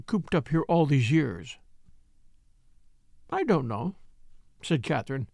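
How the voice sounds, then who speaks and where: A man's voice: sing-song, a little slow, vocal fry, pauses often, a little mellow, no echo, clean studio sound. Man reading a mystery novel aloud. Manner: lifts his pitch for women's lines. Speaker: audiobook narrator.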